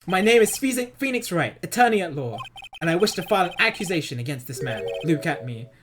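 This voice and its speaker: A woman's voice: on the low side, big pitch swings, fairly quick, background noise, pitched above the performer's own voice. A woman voicing an earnest young male defense attorney from a video game, anxious and pleading as she reads his lines aloud over game music. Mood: forceful.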